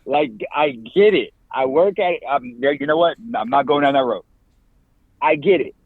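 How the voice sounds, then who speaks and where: A man in his forties, a podcast guest and campus minister, talking in a lively, slangy way and laughing often. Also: a little high, normal speed, no room sound. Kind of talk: casual interview talk. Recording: tinny phone-like line, dry.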